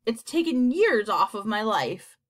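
A woman's voice: fairly high pitch, very animated, unhurried. A woman reading aloud and voicing a polite, nervous female ladybug. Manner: polite and timid, rising to alarm.

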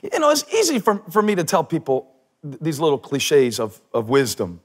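A man preaching a sermon on a church stage, animated, shouting for emphasis and tossing in joking asides. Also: a little high, normal speed. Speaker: pastor.

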